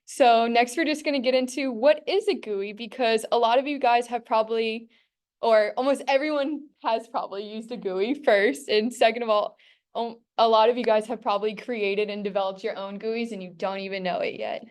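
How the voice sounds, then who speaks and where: A woman's voice: on the high side, steady tone, normal speed, a little mellow. Chatty young woman presenting to a class. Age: young adult. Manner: casual, chatty, many fillers. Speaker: student presenter.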